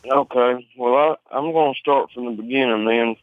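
A man with an Alabama Southern accent telling a story over the phone in an informal, rambling way, full of swearing and halting restarts. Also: mid-range voice, no room sound. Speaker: interviewee on a phone call. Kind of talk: conversational storytelling. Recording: tinny phone line, dry.

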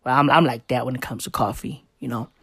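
A woman's voice: very deep voice, steady tone, fast talker, gravelly, fairly bright tone, breathy edge, no echo, studio quality. A woman doing a brash, profane comic rant and mocking other people's voices. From South Africa. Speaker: comedian.

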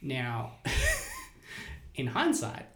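Young male host, casual anecdote teller, lively, in an echoey room. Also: extremely high pitch, drawn-out words. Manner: animated, laughs often, acts out dialogue. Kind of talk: casual storytelling chat. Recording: roomy echo.

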